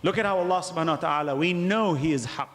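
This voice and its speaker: A man giving a religious lecture to a congregation, asking rhetorical questions and pausing for emphasis. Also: a little high, long reverb tail. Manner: animated, wide-ranging delivery. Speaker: Islamic lecturer.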